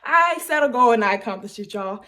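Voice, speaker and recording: A young woman chatting excitedly to her viewers in a vlog, still out of breath after a workout. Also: a little high, a little fast. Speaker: vlogger. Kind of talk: casual chat to camera.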